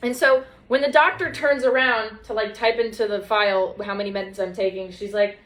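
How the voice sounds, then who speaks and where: A woman's voice: mid-range voice, fairly even intonation, normal speed, hardly any pauses, fairly bright tone. A young woman telling stories in casual chat, sarcastic and swearing, mocking other people's lines in put-on voices. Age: young adult.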